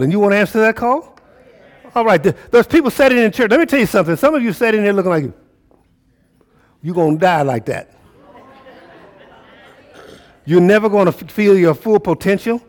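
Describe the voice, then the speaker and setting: A male pastor preaching a sermon, calling out to the congregation and swinging between shouts and low murmurs. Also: big-room sound. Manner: preaching with call-and-response, rising and falling intensity.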